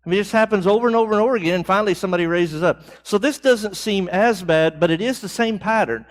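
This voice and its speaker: A fairly high-voiced man teaches a church Bible class in an easy, conversational way. He keeps asking the room questions and answering back, and his voice rises as he presses a point home. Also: fast talker.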